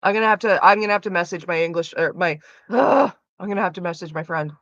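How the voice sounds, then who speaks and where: A woman's voice: lowish voice, fast, fairly bright tone, no room sound, lo-fi sound. A woman streamer chatting casually with her viewers, rambling with lots of "like" fillers. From Canada.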